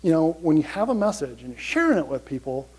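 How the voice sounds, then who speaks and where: Brief: high-pitched male conference speaker, energetic, chatty, keeps checking in with the crowd. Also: quick pace, slightly rough, rough recording. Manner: energetic, chatty, repeats "you gotta" and "right?". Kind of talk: motivational conference talk.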